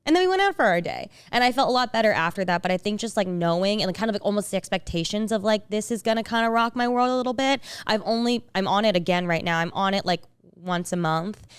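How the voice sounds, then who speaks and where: Smooth-voiced woman rambling on a podcast. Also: mid-range voice, expressive, fast talker, hardly any pauses, no room sound, studio quality. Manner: rambling, full of "like" and restarts. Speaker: podcast co-host. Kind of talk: casual chat.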